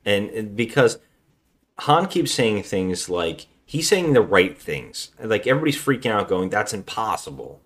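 Male podcast host, very low voice, rambling plot recap. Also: unhurried. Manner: rambling, relaxed storytelling with frequent restarts. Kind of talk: casual chat recapping a movie plot.

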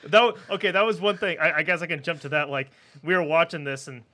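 Male co-host with a slightly high, bright voice, loose and profane in casual film talk. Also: quick pace. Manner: loose, swears freely, many restarts. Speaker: podcast co-host.

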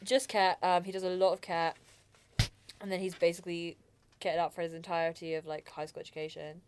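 A woman's voice: on the low side, level tone, a little fast, noisy background. A young woman, hosting a podcast and telling a rambling story full of fillers and laughs. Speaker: podcast host. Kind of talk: casual chat.

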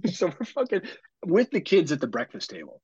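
A man's voice: sits high, huge pitch swings, normal speed, darkish tone, slightly rough, no room sound, highs cut off. A man hosting a podcast, chatting casually and animatedly, swearing freely and laughing often. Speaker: podcast host. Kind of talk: casual chat.

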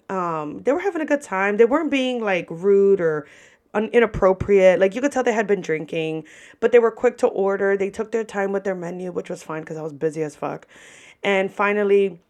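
A woman at an ordinary middle pitch talks through her server stories in a relaxed, candid podcast style. She swears without a second thought and briefly acts out her customers' lines. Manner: candid, chatty, swears freely; acts out customer quotes in shifting voices. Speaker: podcast host and restaurant server. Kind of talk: casual storytelling.

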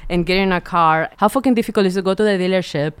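A woman's voice: on the low side, very fast, smooth. A woman co-hosting a podcast in a casual chat, blunt and swearing freely. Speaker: podcast co-host.

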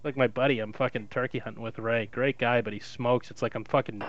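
A young man telling stories in a crude, lively way in casual podcast chat. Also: medium pitch, fast, a crowd in the background. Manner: crude, swearing, lively storyteller. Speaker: podcast co-host. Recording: dull dry lo-fi sound.

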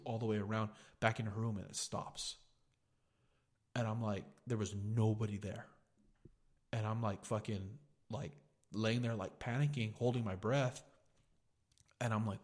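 A man's voice: lowish voice, little pitch movement, normal speed. A young man hosting a podcast, telling a story in a casual, profane way and saying "dude" a lot. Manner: profane, laid-back, says "dude" a lot. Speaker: podcast host.

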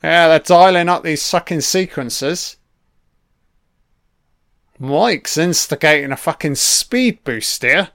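A man's voice: on the high side, expressive, takes it slowly, long pauses, a bit bright, dry recording, studio quality. A man giving a casual, blunt film commentary, swearing constantly and full of opinions.

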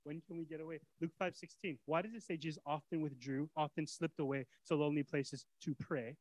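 A man with a high voice preaches a sermon, talking casually with fillers and repeats. He swings from hushed lines to excited, near-shouted bursts. The sound is close and dry, with little room echo. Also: a little fast. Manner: animated, swings from soft to shouting. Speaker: pastor.

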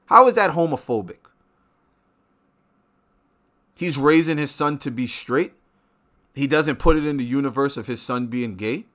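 A man hosting his own show, delivering a profane, animated rant with sudden loud outbursts. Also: mid-range voice. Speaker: show host. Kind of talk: ranting monologue.

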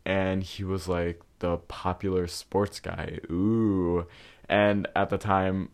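A young man hosting a podcast, telling stories from his past in a candid, casual way, swearing freely and using plenty of fillers. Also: deep voice. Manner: candid and profane, with frequent fillers. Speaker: podcast host. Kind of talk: casual storytelling.

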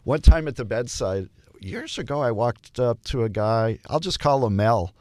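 An older man, a hospital chaplain, telling stories in an interview and acting out the dialogue with lively shifts in voice. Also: mid-range voice, moderate pace, no room sound. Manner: animated storyteller, acts out dialogue. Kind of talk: storytelling interview.

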